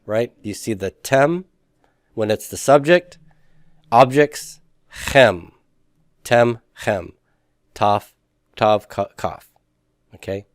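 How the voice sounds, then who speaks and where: Slow, smooth-voiced male teacher. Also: on the low side, animated, no echo, studio quality. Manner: patient, asks the class questions and confirms answers. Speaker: Hebrew teacher. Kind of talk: classroom grammar lesson.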